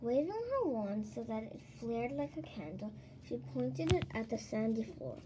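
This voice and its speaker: A woman reading a children's storybook aloud with lots of expression. Her voice is fairly high and swings widely. A steady hiss sits under the home recording. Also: normal speed. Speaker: storybook reader.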